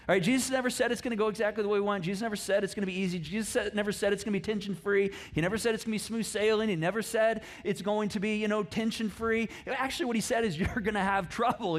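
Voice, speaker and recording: In a church auditorium, a pastor with a high voice preaches a sermon in a conversational, animated way. He often repeats words and laughs while talking.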